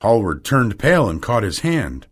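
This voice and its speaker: A man narrating a classic novel as an audiobook for English learners, reading in a clear, deliberate way. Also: on the low side, very animated.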